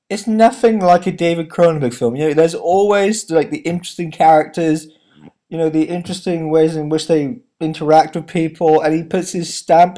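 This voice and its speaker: A man giving a casual spoken film review, rambling with lots of fillers, his voice jumping up high when he is incredulous. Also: mellow.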